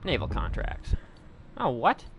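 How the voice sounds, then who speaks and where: A man's voice: on the high side, huge pitch swings, measured pace, vocal fry, a bit bright, slight background noise. A young man streaming a game, talking casually to his chat and swearing freely. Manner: crude, swears freely, chats to viewers. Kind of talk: casual let's play commentary.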